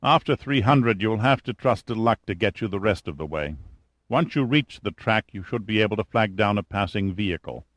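A man's voice: fairly low pitch, expressive, normal speed, no room sound. A man reading an audiobook, voicing a tired British army major in a clipped, understated way. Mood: weary. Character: weary British army major, middle-aged.

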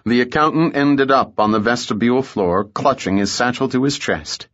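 A man narrating an audiobook in a measured, steady storytelling manner. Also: medium pitch, muffled recording. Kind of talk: scripted narration.

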